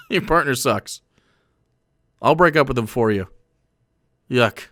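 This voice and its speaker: A man's voice: mid-range voice, animated, slow pace, long pauses, pushed and bright, no room sound, clean studio sound. A man streaming and reacting to a video, rambling and profane, with frequent restarts. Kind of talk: casual reaction commentary.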